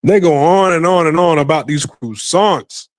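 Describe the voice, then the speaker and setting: A man's voice: fairly high pitch, normal speed, no room sound. A man hosting a podcast, giving rambling, profane casual commentary and repeating himself often. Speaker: podcast host.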